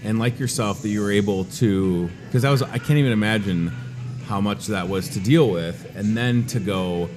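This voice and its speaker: Speaking over music, a man in his thirties with a fairly low voice keeps a moderate pace. He hosts a live segment inside a grocery store, chatting easily with a guest and joking at his own expense.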